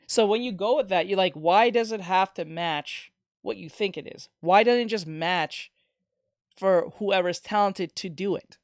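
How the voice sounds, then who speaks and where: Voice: mid-range voice, no room sound, studio quality. A streamer in a casual live-stream chat, ranting with some swearing and reading chat messages aloud. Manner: animated ranting with profanity, reads chat aloud.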